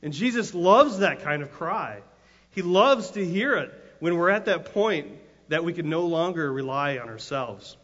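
A man's voice: fairly high pitch, lively intonation, unhurried, a bit bright. A man preaching a sermon, telling a story in a loose, conversational way with frequent restarts, then rising to emphatic, impassioned cries. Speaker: pastor. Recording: long hall reverb, dull lo-fi sound.

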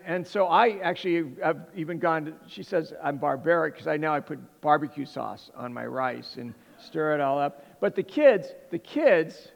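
A man's voice: on the high side, vocal fry, long reverb tail, dull audio. Rambling middle-aged man telling a funny story. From Southern California. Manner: rambling, self-interrupting, animated. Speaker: speaker addressing an audience. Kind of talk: humorous personal storytelling.

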